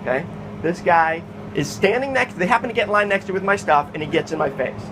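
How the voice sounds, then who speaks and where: A man's voice: high voice, expressive, fast talker, background noise. A man and homeless activist recounting a robbery to an official in an agitated, profane, insistent way. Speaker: homeless activist telling his story.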